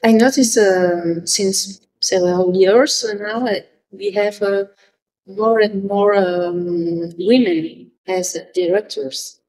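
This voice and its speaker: A woman interviewer, asking questions haltingly and searching for English words. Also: mid-range voice, fairly even intonation, darkish tone, low-quality recording. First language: French. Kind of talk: festival interview.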